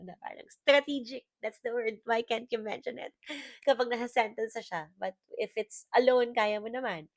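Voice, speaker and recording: A woman's voice: fairly low pitch, dry recording. A young adult woman with a Filipino accent, hosting a solo podcast in a chatty, self-deprecating way and laughing often. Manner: code-switching between English and Tagalog, chatty and self-deprecating, laughs often. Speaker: podcast host.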